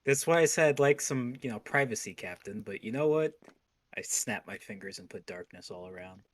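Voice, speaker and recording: A man playing a tabletop game in character, calm and measured, with dry humor. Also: on the low side. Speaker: player.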